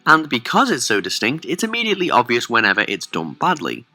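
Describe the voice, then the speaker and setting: A man reads a scripted countdown narration, his voice swooping widely up and down. The tone is bright and crisp, measured and smooth throughout. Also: medium pitch, wildly swooping pitch.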